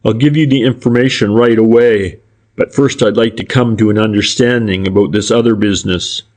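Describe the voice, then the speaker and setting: A sly, furtive private detective, polite and deferential to a fault, who circles his point instead of making it, as a male audiobook narrator reads him. His voice sits low. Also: steady tone, brisk, darkish tone, close to an everyday voice. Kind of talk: audiobook character reading.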